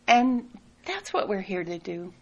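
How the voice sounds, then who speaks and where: A woman telling a personal story in a soft, reflective way, often laughing lightly. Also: mid-range voice, big pitch swings, a little slow, lo-fi sound. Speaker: speaker sharing a personal story.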